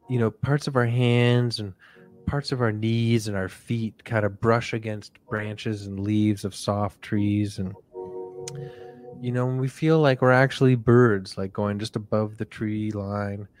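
A man hosting a podcast, rambling through a goofy, soft parody of a guided relaxation. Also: fairly low pitch, fairly even intonation, measured pace, faint music behind. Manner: rambling, goofy, softly drifting. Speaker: podcast host.

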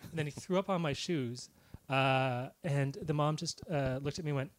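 A man telling an anecdote in casual podcast chat, halting and amused at himself. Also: medium pitch, no echo. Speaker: podcast guest.

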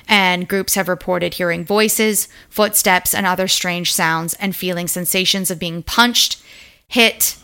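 Woman podcast host, bright tone, casual storyteller who swears freely. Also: lowish voice, clean tone.

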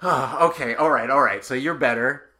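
A player improvising in a tabletop role-play game with a deadpan, cheerfully oblivious manner. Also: mid-range voice, normal speed.

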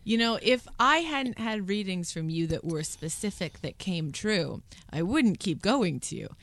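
A woman hosting a podcast, chatting casually and telling lively stories. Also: medium pitch, a little slow, no echo. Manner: chatty, excitable storytelling with laughs. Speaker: podcast host. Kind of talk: casual interview chat.

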